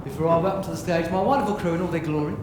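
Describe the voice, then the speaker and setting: In a live theatre show of songs and poems, a man plays a boisterous old-time pirate captain, delivering rhyming verse in an earnest recital. His fairly high, lightly acted voice goes rapid-fire, and the echoey hall carries music and background noise.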